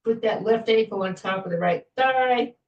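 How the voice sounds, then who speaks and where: A woman fitness instructor guiding a floor stretching class in a gentle, chatty way, with small jokes about herself. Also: mid-range voice, normal speed, recorded from a distance, muffled recording. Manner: gentle, chatty, self-joking with little laughs. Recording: echoey room, voice from afar.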